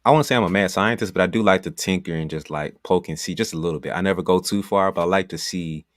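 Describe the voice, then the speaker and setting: A man's voice: low voice, quick pace, dry recording, clean studio sound. A man hosting a podcast, talking casually and directly to listeners in slangy words. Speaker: podcast host. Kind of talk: podcast talk and self-promotion.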